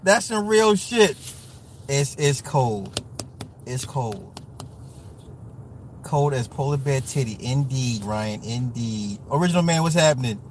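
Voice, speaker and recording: A man from the US Midwest hosting a casual livestream, talking to chat with profane, joking, animated rants. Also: medium pitch, slow pace, long pauses, slight background noise. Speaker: livestream host reading chat.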